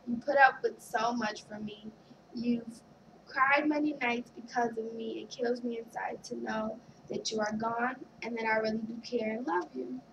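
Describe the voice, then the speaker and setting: Young woman, personal vlog storytelling, gravelly fry, set back from the mic. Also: a little high, steady tone, recorded from a distance, noisy background. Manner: candid, halting, reads a card aloud. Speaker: vlogger.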